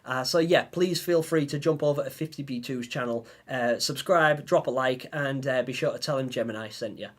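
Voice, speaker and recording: A young man hosting a live stream, telling a story in a lively way and acting out his own panicked lines. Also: medium pitch, brisk, hardly any pauses. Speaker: livestream host.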